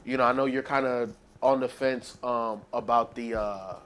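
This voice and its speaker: A man co-hosting a podcast, talking in a relaxed way, often saying "you know what I'm saying". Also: medium pitch, moderate pace, clean tone. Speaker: podcast co-host. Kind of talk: casual chat.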